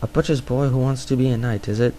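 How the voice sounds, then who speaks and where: A man's voice: medium pitch, fairly even intonation, quick pace, dark tone, a little hiss or hum, close to an everyday voice, low-quality recording. A man reading aloud and voicing a cruel, arrogant teenage prince who taunts in an amateur audiobook. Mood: taunting. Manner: taunting, sneering.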